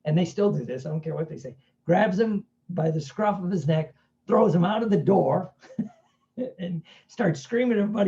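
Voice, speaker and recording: A man's voice: high voice, lively intonation, moderate pace, mellow, lo-fi sound. A man giving a casual self-help talk, telling stories in a chatty way and often asking "right?". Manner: chatty, keeps asking "right?", acts out quoted voices.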